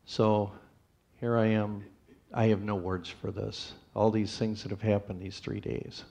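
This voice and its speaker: A man gives his testimony in a church in a low, rough, gravelly voice. He tells his story plainly, pausing and restarting as he goes. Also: little pitch movement, a little mellow. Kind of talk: personal testimony to a congregation.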